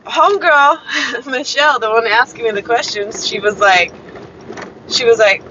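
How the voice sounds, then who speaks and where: A woman's voice: fairly high pitch, a little slow, pushed and bright. A young Chicana woman, chatting casually on a live stream, telling a story with lots of fillers and quoted dialogue. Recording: slightly dull lo-fi sound with faint background noise.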